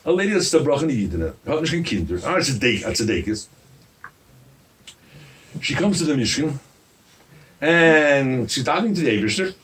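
A man preaching a sermon as a rabbi, animated and firing rhetorical questions at his listeners. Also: medium pitch, moderate pace, pauses often, far from the mic.

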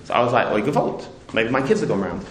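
A middle-aged man from England tells a story to an audience, rambling and restarting his sentences. He breaks into the voices of the people he quotes. His voice sits at an everyday pitch and carries a roomy echo. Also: big pitch swings, fast. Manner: rambling, self-interrupting, acts out quoted voices. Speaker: storyteller speaking to a community audience. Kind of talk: casual anecdotal talk with a moral.

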